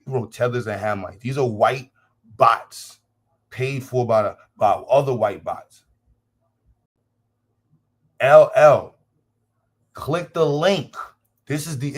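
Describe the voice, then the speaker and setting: A man's voice: medium pitch, moderate pace. A man hosts a casual livestream and talks straight to his chat. His delivery is blunt and combative, full of profanity. He keeps repeating phrases to drive his point home. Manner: repeats himself for emphasis. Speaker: livestream host.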